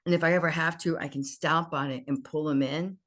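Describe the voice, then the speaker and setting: A woman guest on a podcast, telling lively stories in casual chat and acting out what people said. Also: low voice, a little fast. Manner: animated storyteller who acts out dialogue.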